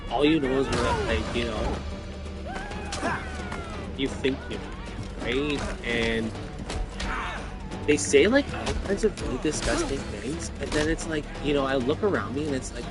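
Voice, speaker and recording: A man's voice: medium pitch, moderate pace, long pauses, over music. A man, rambling about his life with lots of fillers and swearing when worked up. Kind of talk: rambling personal talk.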